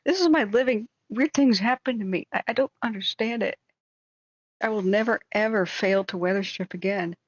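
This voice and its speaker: A woman hosting a livestream, telling a rambling story in a casual, animated way, acting out what people said. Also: medium pitch, moderate pace, no room sound, muffled recording. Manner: animated, rambling, acts out quotes with shrieks and laughs. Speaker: livestream host.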